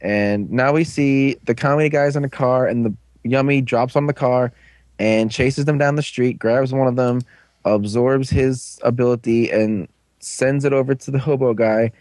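A man in casual chat, rambling through an episode recap as a podcast co-host and often breaking into quick quoted voices. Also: medium pitch, fairly even intonation, darkish tone, dry recording.

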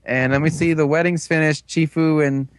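A man's voice: fairly high pitch, steady tone, normal speed, no room sound. Rambling man with a dry, close sound. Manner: rambling, filler-heavy, amused retelling. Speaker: podcast co-host recapping an episode. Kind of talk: casual chat.

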